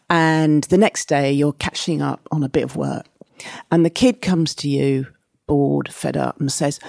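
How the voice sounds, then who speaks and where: A woman psychotherapist explaining parenting ideas in a relaxed interview, with an animated way of talking. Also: deep voice, vocal fry, no echo, studio quality. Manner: animated, acts out children's and parents' voices in quotes. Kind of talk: conversational podcast interview.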